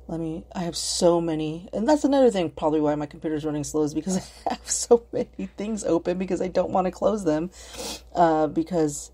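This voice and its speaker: A woman's voice: low voice, mellow, husky. A woman hosting a podcast on her own, rambling in casual chat from her computer at home, swearing freely and earnest. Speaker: podcast host.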